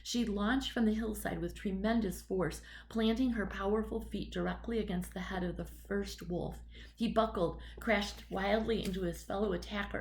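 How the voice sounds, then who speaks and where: A woman reads a storybook aloud in a steady, measured way. Her voice sits at a middle pitch, with a gravelly fry running through it. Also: slight background noise, rough recording. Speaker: audiobook narrator. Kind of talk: scripted narration.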